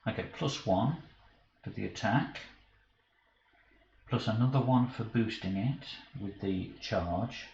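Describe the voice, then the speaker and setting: A man's voice: lowish voice, slow, creaky, long pauses, a little mellow. A man streaming a card game live, thinking aloud about his moves and flustered and self-mocking when he slips up. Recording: dull roomy stream audio with faint hiss.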